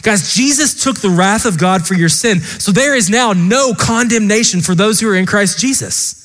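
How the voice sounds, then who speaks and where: A man's voice: high voice, normal speed, a bit bright, big-room sound. A man preaching a sermon as pastor, earnest and impassioned, speaking straight to the congregation. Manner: earnest, impassioned preaching with repeated direct address.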